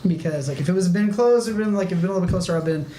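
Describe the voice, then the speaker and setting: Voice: mid-range voice, very fast. A game master narrating a tabletop game, rambling loosely with many restarts and "like". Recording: echoey room, faint background noise.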